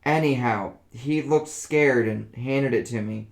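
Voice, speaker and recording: A man voicing an elderly woman who speaks in a flat, emotionless, dazed way. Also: mid-range voice, unhurried, gravelly. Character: elderly woman, dazed and flatly matter-of-fact.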